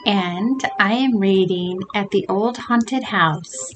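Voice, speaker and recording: A woman's voice: mid-range voice, slow, a little hiss or hum, low-quality recording. An older woman reading a rhyming picture book aloud to children in a sing-song way. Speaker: storybook reader. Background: background music.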